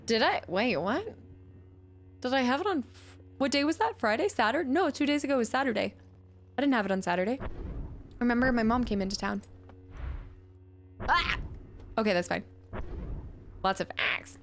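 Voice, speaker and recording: A woman streaming a video game, chatting and reacting excitedly as she plays. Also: fairly high pitch, normal speed, pauses often, a little hiss or hum. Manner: chatty, excitable, jumps between chat and gameplay. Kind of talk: live-stream chat while playing.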